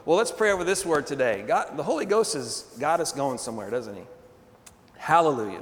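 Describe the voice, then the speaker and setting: A man preaching a sermon, telling a story with animated energy, laughing often and calling for responses from the congregation. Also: on the high side, a little fast. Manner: laughs often between phrases. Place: church hall. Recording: long hall reverb.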